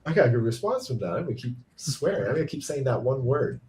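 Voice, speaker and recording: A man hosting a relaxed podcast conversation, his pitch swinging widely as he tells stories. He leans on "like" constantly and slips into the voices of the people he quotes. A faint hiss sits under the voice. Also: fast talker. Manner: animated storyteller who acts out quoted voices, many "like" fillers. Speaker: podcast host. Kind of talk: casual chat.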